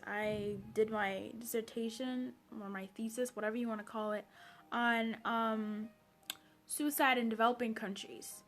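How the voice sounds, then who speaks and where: A woman's voice: on the high side, fairly bright tone. A woman from Zambia, a personal development coach, chatting on a late-night live stream, greeting viewers by name.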